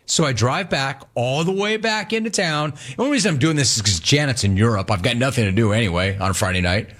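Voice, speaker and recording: A man's voice: medium pitch, quick pace, a bit bright. A man hosting a show, telling a casual story and acting out both sides of each conversation. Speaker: host.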